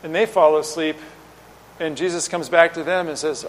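A man preaching a sermon, explaining with lively rhetorical questions and acting out quoted lines. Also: a little high, moderate pace, big-room sound, slight background noise, poor audio. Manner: animated teaching, voices rhetorical questions and acts out quotes.

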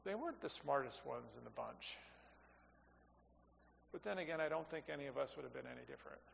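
A man giving a sermon as a pastor, talking conversationally, rising for emphasis and dropping to quiet asides. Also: mid-range voice, animated, brisk, gravelly, slight background noise. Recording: dull sound with long reverb in a hall.

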